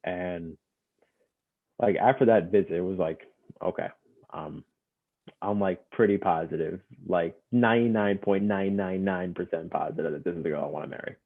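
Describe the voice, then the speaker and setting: A man's voice: low voice, normal speed, vocal fry. Young man on a tinny phone-like line. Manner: relaxed, laughs often, many fillers like "you know". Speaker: podcast guest. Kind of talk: casual storytelling.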